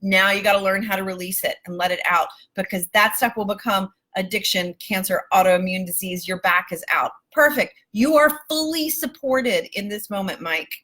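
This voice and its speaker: Bright-voiced woman life coach, emphatic. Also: mid-range voice, moderate pace, few pauses. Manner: warm, emphatic, calls listeners baby and my love; casual, swears freely. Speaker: self-love life coach. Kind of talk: live-stream coaching talk.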